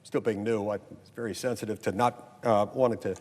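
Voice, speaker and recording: Here a male US senator with a lowish, slightly mellow voice speaks steadily and fairly quickly on the chamber floor. His speech starts as an anecdote with quoted imitations of others and grows into an earnest, insistent argument, echoing through the large hall.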